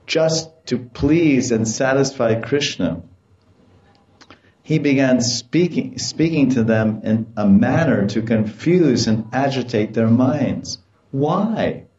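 A man's voice: lowish voice, echoey room, muffled recording. A man giving a devotional lecture, telling stories with animation and acting out quoted voices. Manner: animated storytelling, acts out quoted voices with laughter. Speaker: spiritual teacher.

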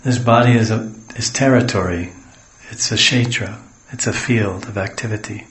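A man with a fairly low voice tells a sacred story as a sermon. He drifts into homely side stories and acts out the speakers. The room around him rings with echo. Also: fairly even intonation, moderate pace, a bit bright. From the West. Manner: digressive, homely asides, acts out quotes. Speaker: spiritual teacher.

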